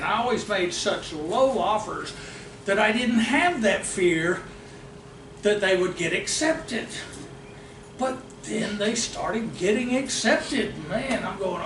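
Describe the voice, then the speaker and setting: A middle-aged man, a real estate investing trainer, telling a story at a seminar with animated energy and frequent laughter. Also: high-pitched. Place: meeting room of an investors' association. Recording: roomy hall, distant mic, background noise.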